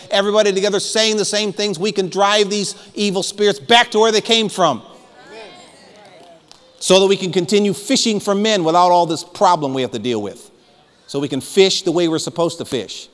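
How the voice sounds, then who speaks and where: Fervent male pastor, higher voice, emphatic sermon delivery in a reverberant church hall. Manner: fervent, emphatic preaching with repeated calls to listen.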